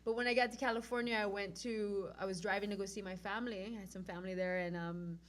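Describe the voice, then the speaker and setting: A woman from Oahu with a Hawaiian accent, a guest telling a personal story in an animated way and acting out what she said back then, from loud to hushed. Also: medium pitch, quick pace. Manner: acts out her own past lines, swinging from loud to hushed.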